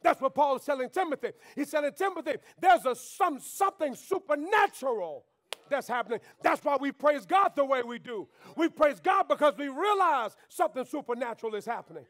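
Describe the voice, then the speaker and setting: A man. He builds to fervent shouts and falls back to quiet, intense lines. He keeps urging the pews to answer him. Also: very high voice, animated, fairly quick. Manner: preaching with call-and-response, swings between shouting and quiet. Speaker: pastor. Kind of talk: sermon. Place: church sanctuary.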